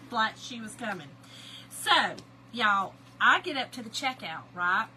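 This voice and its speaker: A middle-aged woman, chatting and telling animated family stories to viewers while she crafts on a livestream. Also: fairly high pitch, moderate pace, slight background noise, low-quality recording. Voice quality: lively, animated storyteller, greets chat viewers by name.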